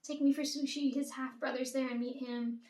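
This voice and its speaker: A woman's voice: sits high, flat delivery, moderate pace, darkish tone. Rambling young woman in a roomy echo. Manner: rambling, swears freely, quotes others in dialogue. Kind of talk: casual storytime monologue. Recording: roomy echo, distant from mic.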